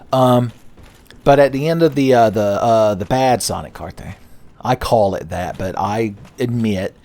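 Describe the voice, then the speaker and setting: Low-voiced man joking through gameplay. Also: darkish tone. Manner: rambling, jokey, profane. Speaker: gaming channel host. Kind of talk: let's play commentary.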